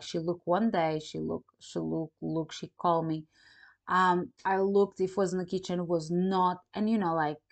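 Woman vlogger, slightly low voice, chatty storyteller who acts out conversations. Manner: animated, acts out quoted dialogue; non-native phrasing, fillers like "you know, like". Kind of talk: casual storytelling to camera.

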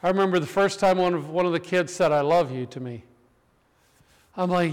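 Male preacher, high and clear-voiced, animated storyteller; sermon in a reverberant hall. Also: a little fast, pauses often. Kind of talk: sermon with personal stories.

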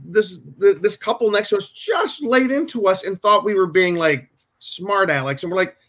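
A man's voice: high-pitched, expressive, normal speed, fairly bright tone. A man hosting a podcast over a video call, chatting casually and telling rambling stories with many restarts. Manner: rambling, self-interrupting storyteller. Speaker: podcast host. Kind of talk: casual chat. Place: home room with shelves.

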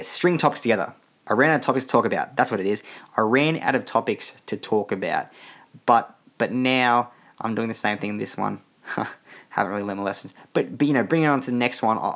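A man's voice: mid-range voice, a bit bright. A young man hosting a casual solo podcast, tired and rambling with many restarts. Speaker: podcast host.

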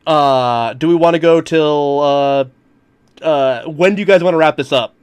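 A man's voice: a little high, unhurried, a little mellow, clear, resonant tone, no echo. A man running a tabletop game as game master, hesitant and improvising with many fillers.

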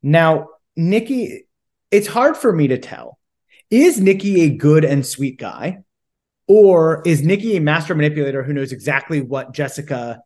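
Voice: medium pitch, a little mellow. A podcast co-host recapping a book in casual chat, reading quotes aloud and then questioning them.

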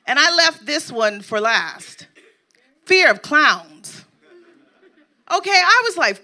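A woman preaching a sermon in a high, bright voice. She takes her time over each phrase, lists things in an emphatic cadence and keeps checking in with the congregation. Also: very animated, takes it slowly, long pauses. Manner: rousing preacher who checks in with the crowd.

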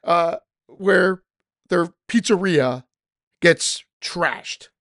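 A man's voice: high-pitched, very slow, a bit bright, no room sound, studio quality. A man co-hosting a podcast, chatting about a movie in a hesitant, stammering, amused way. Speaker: podcast co-host. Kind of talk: casual movie review chat.

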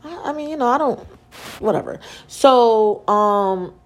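Profane, animated young woman storyteller. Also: fairly high pitch, a little slow, a little hiss or hum. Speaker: podcast host. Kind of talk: casual solo storytelling.

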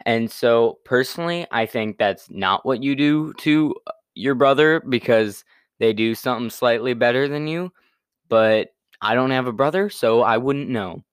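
A man's voice: mid-range voice, animated, normal speed, smooth, no room sound, clean studio sound. A young man casually retelling a Bible story in a laid-back, slangy way, full of fillers and restarts.

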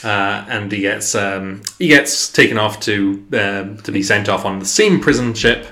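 Male co-host, lowish bright voice, chatty and rambling. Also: measured pace. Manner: rambling, laughs often, acts out quotes. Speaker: podcast co-host. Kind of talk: casual film discussion.

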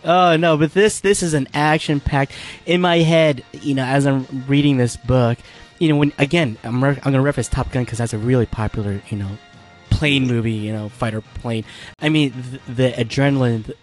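A man's voice: mid-range voice, fairly even intonation, moderate pace, soft background music. A man co-hosting a casual chat about comic books, enthusiastic and laughing often. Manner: enthusiastic, laughs often, reads panels aloud. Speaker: podcast co-host.

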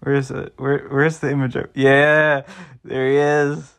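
A man's voice: medium pitch, little pitch movement, measured pace, creaky, fairly bright tone. A young man chatting casually to his viewers, swearing freely and repeatedly breaking into laughter. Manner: giggly, keeps breaking into laughter. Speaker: vlogger. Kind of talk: casual rambling commentary.

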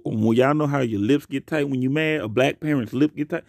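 A young man hosting his own podcast alone, talking casually and profanely into a close mic, swinging between loud outbursts and quiet asides. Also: medium pitch, a little fast, vocal fry, hardly any pauses, no room sound. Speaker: podcast host. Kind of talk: casual solo podcast rant.

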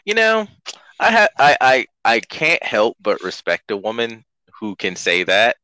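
Man, podcast co-host, lively low voice, dry close sound. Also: unhurried, no room sound. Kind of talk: casual chat.

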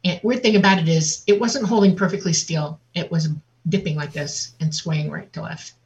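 A woman guest on an interview, telling a personal story in a lively way and acting out the voices of other people. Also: lowish voice, moderate pace. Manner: vivid, laughs often, acts out quotes. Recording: dull lo-fi audio.

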